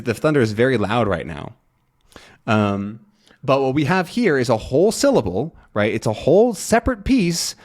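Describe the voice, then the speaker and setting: A young man teaching English, explaining sounds casually, thinking aloud with many fillers and "right?" checks, and slowly drawing out example words. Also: mid-range voice. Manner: drawn-out demonstration of sounds.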